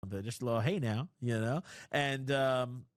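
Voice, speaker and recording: A man in his twenties hosting a call-in stream, telling a crude story in a rambling, animated way. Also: mid-range voice, normal speed, smooth, no room sound, clean studio sound. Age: 20s. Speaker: call-in show host. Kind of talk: casual storytelling.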